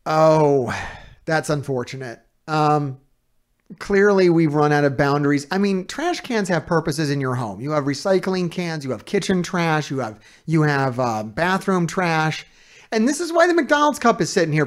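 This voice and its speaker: A man's voice: fairly high pitch, animated, moderate pace. A man reacting to a video as a streamer, ranting in casual, heavily profane and exasperated commentary.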